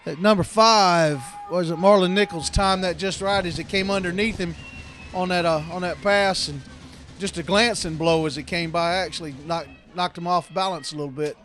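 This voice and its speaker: A man giving color commentary at a high school football game, explaining plays in a measured, slightly halting way. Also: steady tone, fairly bright tone, soft background music.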